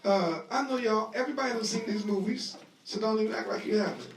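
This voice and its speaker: A man teaching a Bible lesson to a live audience in a lively sermon style, talking conversationally, acting out scenes, and leading call-and-response. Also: sits high, quick pace, slight background noise. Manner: conversational, acts out scenes with voices. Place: room at a live gathering. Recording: echoey live room audio, voice distant.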